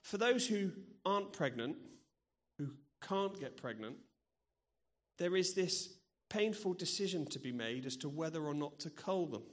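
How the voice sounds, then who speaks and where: A man's voice: a little high, lively intonation, a little slow. A middle-aged man preaching in a church, earnest and personal, sharing stories from his own life. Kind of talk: sermon.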